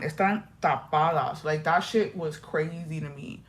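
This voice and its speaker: Young woman vlogger, animated, profane storyteller who slips into Spanish. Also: sits low, a little slow. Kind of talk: get-ready-with-me chat.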